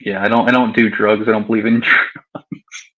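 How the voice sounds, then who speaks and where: A man's voice: on the low side, little pitch movement, normal speed, sharp tone, lo-fi sound. A man in his twenties chatting casually on a podcast, easygoing, laughing often and using many fillers. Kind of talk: casual chat.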